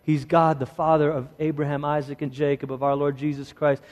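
A man delivering a sermon with a fairly high voice, moving between quick, lively asides and soft, hushed emphasis. His voice rings out with a long reverb, as if he is in a large hall. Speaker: preacher.

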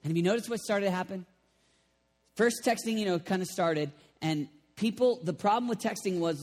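A man preaching a lively sermon, animated and playful, bursting into shouts. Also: high voice. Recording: long reverb of a large hall.

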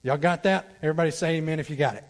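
A man preaching a sermon as a guest preacher. He talks straight to the congregation, swinging from loud pleading down to quiet, low asides. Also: racing. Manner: talks directly to the congregation, asks for responses. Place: church sanctuary.

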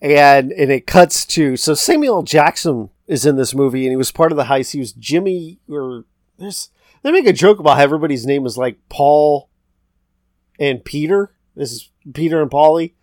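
In this casual movie recap, a podcast co-host rambles through a film's scenes, quoting lines from the characters as he goes. His voice sits a little high and sounds slightly mellow, at a moderate speed. It's studio-quality audio without echo.

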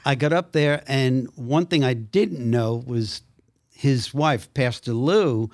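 A man's voice: mid-range voice, slow, dry recording, studio quality. An older man, an actor and minister, telling stories animatedly as a podcast guest, acting out the quotes. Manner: animated storyteller, acts out quotes. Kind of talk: storytelling in a podcast interview.

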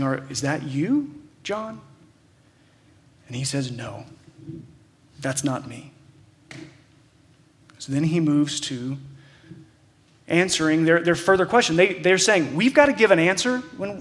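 A man's voice: sits high, fairly bright tone. A man preaching a sermon, talking through a Bible passage in a conversational way with frequent fillers and restarts. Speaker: pastor.

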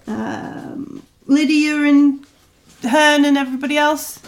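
A woman acting as game master of a tabletop game, calling rolls and damage with quick fillers. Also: sits high, fairly even intonation. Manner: brisk rules calls with fillers.

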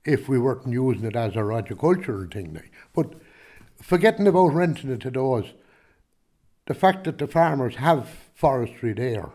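A man's voice: medium pitch, lively intonation, normal speed, dark tone. A man with a Kilkenny Irish accent, a farmer answering interview questions in a rambling, chatty way, full of restarts and "do you know what I mean". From Ireland.

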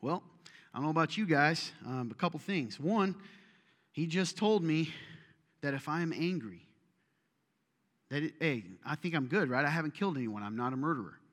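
A man preaching a sermon, animated and joking, with self-deprecating asides, in a church auditorium. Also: a little high, moderate pace, pauses often. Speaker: pastor. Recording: long reverb of a large hall.

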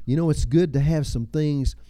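An older man in his seventies delivers a sermon in a mellow, warm voice. He tells stories in a folksy way, chuckling and dropping personal asides, and the sound is dry and close. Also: on the high side, moderate pace, clear, resonant tone, no echo. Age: 70s. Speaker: pastor.

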